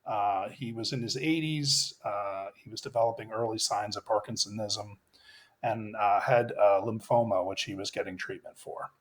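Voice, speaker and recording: A man's voice: on the low side, moderate pace, breathy edge. A middle-aged man, an executive coach, telling a personal story in a podcast interview, reflective and earnest, with many fillers and restarts.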